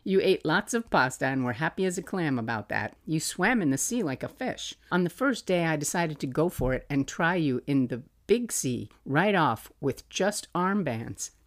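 A middle-aged woman with a low voice reads from a journal she once kept for her little boy. Her delivery is fond and motherly, broken now and then by soft laughs. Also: very animated, normal speed, few pauses. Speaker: podcast host. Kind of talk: reading aloud from a family journal.

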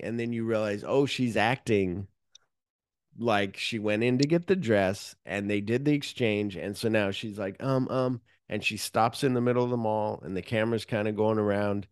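A man's voice: fairly low pitch, normal speed, smooth, no echo, studio quality. A man hosting a podcast, casually recapping a film plot with lots of fillers and offhand swearing. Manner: animated retelling, mixing read plot summary with offhand asides. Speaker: podcast host. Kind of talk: casual movie recap chat.

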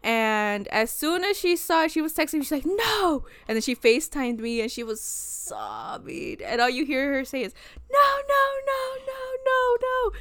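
A young woman co-hosting a podcast, chatting casually, excitable and giggly with lots of fillers. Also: on the high side, moderate pace, few pauses, clean tone, no echo. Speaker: podcast co-host. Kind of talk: casual chat.

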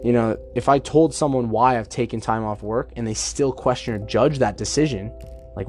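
Man, mid-pitched, talking solo on a podcast, chatty and reflective, soft music faintly underneath. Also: moderate pace. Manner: chatty, acts out imagined dialogue. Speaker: podcast host. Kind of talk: casual self-help monologue.

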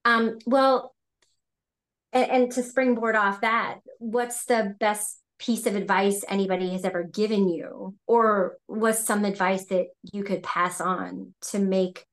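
A woman's voice: mid-range voice, steady tone, takes it slowly. A woman hosting a casual interview podcast, rambling through her questions and restarting them as she goes. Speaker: podcast host.

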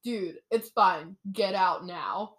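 A relaxed young prince speaks in a slow, mock-suave drawl, put on by a young woman retelling a book. The tone stays bright and clear, with an easy, unhurried pace. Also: medium pitch, a little hiss or hum. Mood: smug. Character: young man, a calm, smooth prince.

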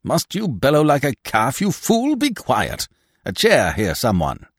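A man's voice: fairly low pitch, wildly swooping pitch, measured pace, slightly rough, no room sound, clean studio sound, full character voice. A man voicing a fat, pompous, sour old theatre-troupe manager who blusters and scoffs. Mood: gruff. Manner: blustering, scornful.

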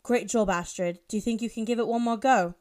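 A woman voicing a bossy male film director, speaking in a put-on deeper tone. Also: brisk, a little mellow, close to an everyday voice. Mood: directing. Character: bossy film director man, giving orders.

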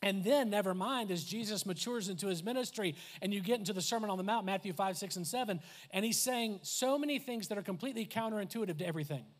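High-voiced man preaching animatedly. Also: fast. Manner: animated, conversational preaching with laughs and asides; acts out quoted voices. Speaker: pastor. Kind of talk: sermon.

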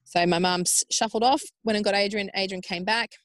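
An Australian woman in her thirties tells a personal story as a podcast guest. She talks casually and animatedly, with plenty of fillers like "like" and "um", and she acts out other people's lines in raised voices. Her voice sits at a middle pitch, and the sound is dry and close. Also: fairly even intonation, fairly quick, no echo. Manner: chatty with frequent fillers like "like" and "um".

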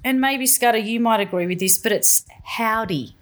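An Australian woman co-hosting a podcast, asking lively questions in casual chat. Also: a little high, moderate pace. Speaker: podcast co-host.

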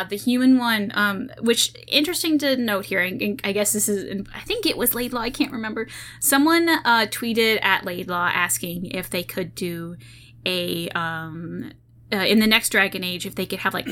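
A woman's voice: medium pitch, bright, forceful tone. A woman with a slight Southern US accent co-hosting a podcast in casual chat, rambling with frequent restarts. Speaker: podcast co-host.

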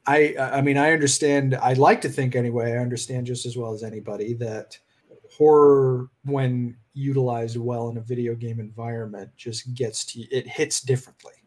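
A man with a slightly husky voice muses on games in casual podcast chat. He talks thoughtfully, pausing and restarting. His pitch is medium. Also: steady tone, a little mellow. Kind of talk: casual game discussion chat.

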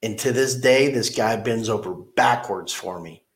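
A man's voice: on the low side, unhurried. A middle-aged man, a car dealership manager, telling a personal story in a casual interview, earnest and plain-spoken, repeating his key phrases.

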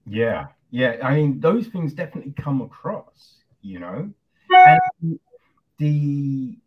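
A man with a husky, slightly breathy voice chats loosely through an interview, leaning on fillers as he talks. The sound is dull and lo-fi. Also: medium pitch, lively intonation, slow pace, soft background music. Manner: loose and chatty, many fillers. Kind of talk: casual interview chat.

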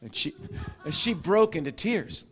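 A middle-aged man preaching a sermon, acting out voices and quotes, shifting from loud commands to near whispers. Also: fairly high pitch, unhurried, breathy edge. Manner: animated preaching, acts out quotes, growls and laughs. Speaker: pastor.

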